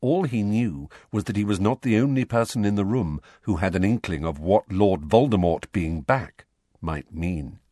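Guy reading a story aloud, low voice that moves around a lot, dry recording. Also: moderate pace, no room sound. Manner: expressive storytelling. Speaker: audiobook reader. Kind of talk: scripted narration.

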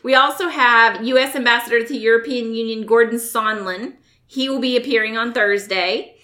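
A woman's voice: a little high, fairly bright tone. A woman co-hosting a podcast, reading out news quotes with joking asides and the odd swear word. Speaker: podcast co-host. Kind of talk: casual news recap chat.

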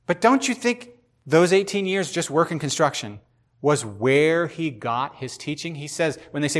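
A man hosting a podcast, talking in a casual devotional way, animated and speculative, often repeating himself for emphasis. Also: fairly high pitch, moderate pace. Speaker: podcast host.

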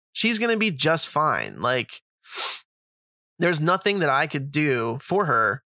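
A man's voice: medium pitch, bright, forceful tone, dry recording, clean studio sound. A man hosting a podcast, telling a casual, profane story full of fillers and asides to his listeners. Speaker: podcast host.

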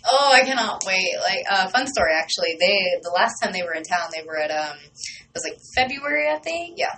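An excitable woman host rambling through stories, her voice at an everyday middle pitch. A faint hiss sits under her talk. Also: moderate pace, rough recording. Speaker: radio host. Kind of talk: casual chat.

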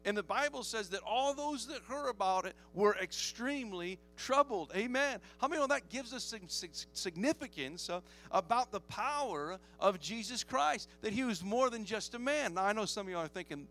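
A man's voice: high-pitched, expressive, moderate pace, fairly bright tone, faint music behind. A man preaching a sermon as pastor, joking often and calling for amens from the congregation.

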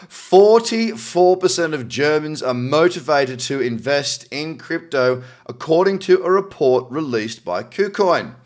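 Aussie bloke doing crypto news, cynical asides, voice bounces up and down a lot. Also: male voice, fairly high pitch, lively intonation, takes it slowly. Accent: Australian. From Australia. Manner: cynical, chatty, reads articles aloud with asides. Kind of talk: casual news commentary.

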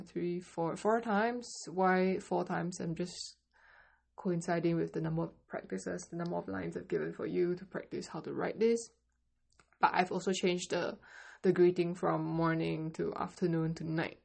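A woman teaching a Mandarin lesson, slowly modeling greetings and phrases for learners to repeat. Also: fairly low pitch, flat delivery, vocal fry, darkish tone. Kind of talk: language lesson.

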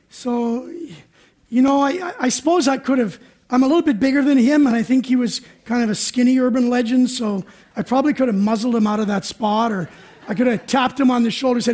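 A man with a very high voice gives a sermon in church. He tells a personal story in a chatty, self-mocking way and acts out his own panic. It is recorded for radio. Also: brisk, a little mellow. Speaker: pastor.

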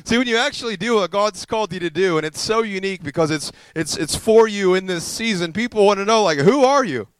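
A male pastor telling a story in a sermon, animated and self-deprecating, acting out what others said to him. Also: high voice, fast, hardly any pauses, clean tone, dry recording.

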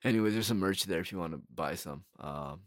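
A man's voice: low voice, a little fast, no room sound, clean studio sound. A young man hosting a solo podcast, rambling bluntly in casual talk and swearing freely. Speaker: podcast host.

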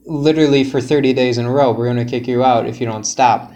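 A man's voice: medium pitch, steady tone, fast, mellow, close to an everyday voice. A man voicing a meek older woman who is fed up with her housemate, speaking close to his own voice. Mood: exasperated.

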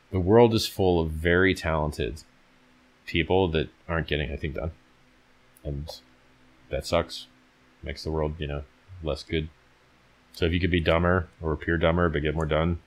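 A man with a remarkably low, deep voice hosts a casual livestream. He sounds tired and talks bluntly, swearing freely as he reads out chat questions and answers them in a loose, conversational way. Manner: blunt, profane, reads viewer questions aloud.

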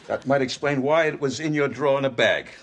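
A man's voice: mid-range voice, a little fast, lightly acted. An older man playing a pompous, self-important father who speaks in grandiose phrases. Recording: noisy TV sitcom audio.

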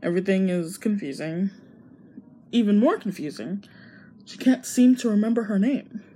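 A woman's voice: mid-range voice, lively intonation, normal speed, warm tone, breathy edge. A young woman casually retelling a story, chatty with lots of fillers.

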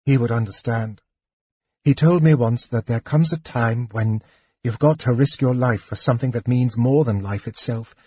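Resolute young woman fighter, read by a man, slightly raised, husky audiobook tone. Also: mid-range voice, moderate pace, mellow, no echo, lo-fi sound, close to an everyday voice. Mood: earnest. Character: earnest young elf woman warrior, determined.

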